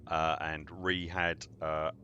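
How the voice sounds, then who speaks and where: A man's voice: rumbling low, level tone, slow, pushed and bright, muffled recording, slight background noise. A man, chatting and joking in a rambling way as a game streamer at home. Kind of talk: casual livestream chat.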